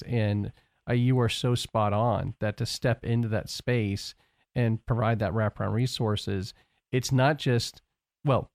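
A man hosting a talk show in a studio, reflective and animated, often checking that he understood. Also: on the low side, gravelly, no echo. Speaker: radio show host. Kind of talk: interview conversation. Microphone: studio microphone.

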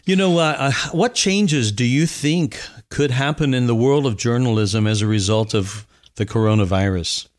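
A man hosting an interview, asking reflective questions in a measured, conversational way. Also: mid-range voice. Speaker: interview host.

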